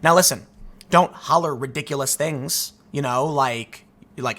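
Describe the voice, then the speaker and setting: Man, commentary host, opinion rant, emphatic delivery, a bit high-pitched. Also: normal speed. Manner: ranting, emphatic, animated.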